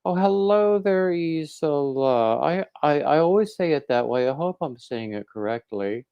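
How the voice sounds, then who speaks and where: A man hosting a casual crochet livestream, rambling and halting, with plenty of fillers and restarts, and greeting viewers by name as they arrive. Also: fairly high pitch, lively intonation, clear, resonant tone, no echo, lo-fi sound. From coastal North Carolina.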